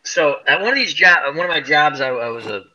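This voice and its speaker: A middle-aged man spinning stories in a casual online chat, his voice very bright and ringing, with lively swings in pitch. He talks animatedly and acts out the people he quotes. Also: quick pace, dull audio, slight background noise. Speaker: host. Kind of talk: casual group chat, storytelling.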